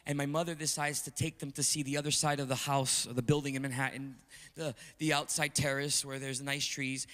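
A man preaching a sermon, telling a story with animated energy and calling out to the congregation. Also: fairly high pitch. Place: church sanctuary. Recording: long reverb of a large hall.

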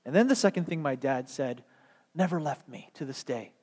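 A man's voice: a little high, lively intonation, normal speed, a little mellow. A man preaching a sermon in a conversational way, asking rhetorical questions and building to fervent exhortation. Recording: long echo of a large hall.

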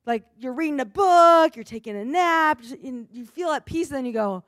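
A woman's voice: high-pitched, animated, no room sound, clean studio sound. Earnest woman preaching a sermon. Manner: earnest, emphatic preaching with pauses. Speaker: pastor.

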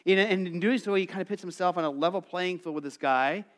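High-voiced male pastor preaching conversationally. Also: quick pace. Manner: conversational, animated, acts out quotes; calls for congregation responses. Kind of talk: sermon.

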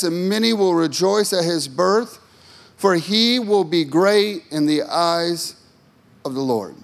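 A man's voice: fairly high pitch, gravelly. A male pastor preaching a sermon with emphatic rhetorical questions and joking asides to the congregation.

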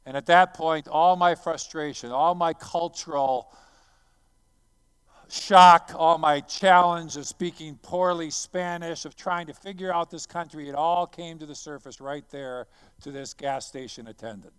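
A man who is a missionary preacher, telling a personal story as a sermon. He talks dramatically, swinging from hushed to loud. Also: a little high, a little slow, smooth.

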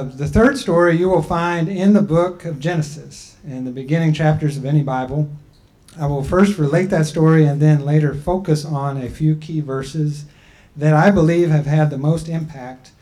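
A man giving a talk and telling a traditional creation story in a measured, deliberate way with frequent pauses. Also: a little high, mellow. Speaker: speaker.

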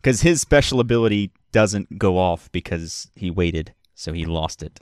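A man narrating as game master of a tabletop role-playing game, relaxed and hesitant, with many fillers. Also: deep voice, moderate pace, clear, resonant tone, no room sound, clean studio sound.

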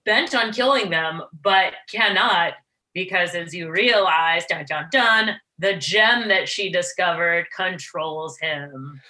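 A woman's voice: lowish voice, slow, sharp tone. A woman co-hosting a casual movie review chat, chatty and retelling scenes playfully. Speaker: podcast co-host.

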